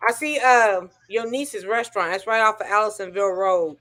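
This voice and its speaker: A woman hosting a livestream, chatting in a relaxed way and reading from the chat. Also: medium pitch, normal speed. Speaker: livestream host. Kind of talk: casual chat.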